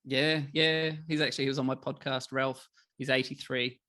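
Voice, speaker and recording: A middle-aged man, a podcast guest telling emotional stories in a candid, animated way. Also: medium pitch, moderate pace. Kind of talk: candid conversational interview.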